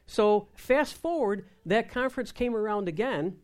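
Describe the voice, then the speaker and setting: A woman's voice: on the high side, normal speed, few pauses. Woman ministry speaker, storytelling testimony, voices the quotes. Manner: lively, acts out dialogue in quoted voices.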